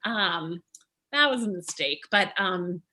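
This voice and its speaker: Bright clear woman author, rambling chat, fillers everywhere like you know and like. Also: fairly low pitch, lively intonation, takes it slowly. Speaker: memoir author, guest. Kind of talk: casual chat.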